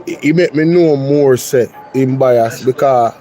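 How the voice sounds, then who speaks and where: A male host with a Jamaican accent speaks unhurriedly in a mellow, medium-pitched voice. He gives blunt, incredulous reaction commentary, mixing patois with English.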